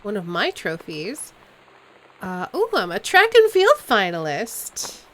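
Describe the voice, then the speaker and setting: A woman streaming a game live, talking to herself as she pokes around and reads out clues. Her voice is even and conversational, wandering between puzzled muttering and little explanations. A faint hiss runs underneath. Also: medium pitch, slow, poor audio. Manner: musing aloud, puzzling over clues.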